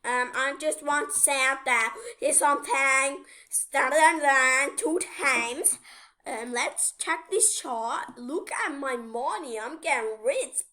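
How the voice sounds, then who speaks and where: A woman with a high, sharp voice speaks slowly while giving casual gameplay commentary to her viewers. She's playful as host and keeps whining about the game.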